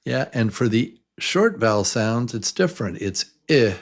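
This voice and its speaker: A man teaching a beginner English pronunciation lesson, leading slow, patient drills and encouraging his learners. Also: medium pitch, big pitch swings.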